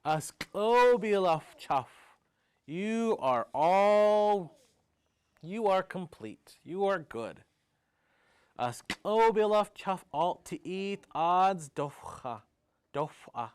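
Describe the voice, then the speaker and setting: A storyteller playing a male carver who earnestly and slowly tells the creature he made what it will do. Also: high voice, lively intonation, a little mellow, smooth, no room sound, studio quality, exaggerated voice. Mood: solemn. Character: solemn male carver speaking to his creation.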